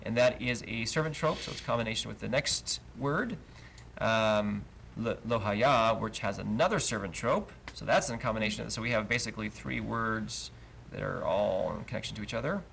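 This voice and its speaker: A man's voice: lowish voice, normal speed, gravelly, fairly bright tone. A man teaching a verse-by-verse Hebrew lesson, explaining cantillation marks patiently and chanting each trope name aloud. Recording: livestream with faint noise.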